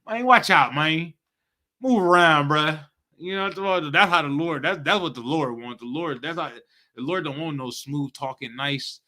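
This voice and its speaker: A young man teaching a live-streamed scripture class, talking in animated street slang and often asking "you know what I'm talking about". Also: a little high, fairly quick. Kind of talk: casual slangy preaching commentary.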